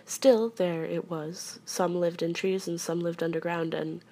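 A woman reading a children's storybook aloud in a soft, hushed voice that often drops to a whisper. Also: lowish voice, little pitch movement, unhurried.

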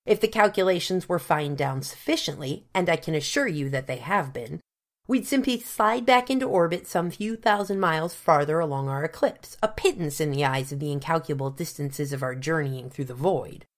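A woman reading the part of an earnest male gentleman scientist who explains his plans in long, precise, formal sentences. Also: sits low, expressive, moderate pace.

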